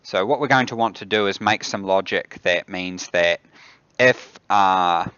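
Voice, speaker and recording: A man's voice: deep voice, a little slow, sharp tone, clear, resonant tone, no echo, muffled recording. A man with a New Zealand accent who hosts a game dev stream from his office, muttering to himself and thinking aloud as he builds things in the game. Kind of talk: casual livestream commentary while demoing a game.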